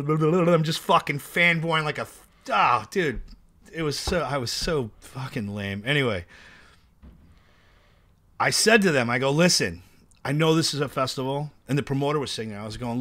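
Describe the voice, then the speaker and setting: A man telling animated, profane tour stories in a casual chat. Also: medium pitch. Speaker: guest musician.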